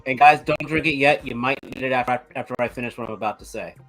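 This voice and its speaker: A man telling a long joke on a live podcast, slipping into the voices of the people in it. His pitch sits in a middle range. Faint music plays behind him. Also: quick pace, a bit bright, poor audio. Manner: storytelling, acting out characters' lines. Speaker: podcast co-host.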